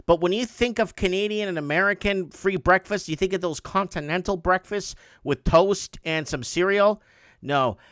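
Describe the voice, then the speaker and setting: High-voiced joking male host, dry sound. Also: normal speed, smooth, dry recording. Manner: relaxed, joking, sarcastic asides. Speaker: show host. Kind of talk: casual call-in chat.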